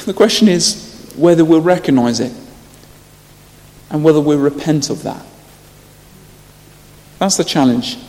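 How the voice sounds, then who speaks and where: A man preaching a sermon, telling stories earnestly and rising to loud emphasis. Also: a little high, animated, unhurried, pauses often. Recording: long hall reverb.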